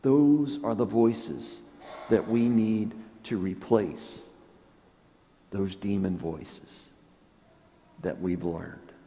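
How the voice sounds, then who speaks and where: A priest giving an earnest, reflective sermon, often dropping to soft, quiet tones. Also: male voice, lowish voice, very slow, pauses often, a little hiss or hum. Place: church. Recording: long church reverb.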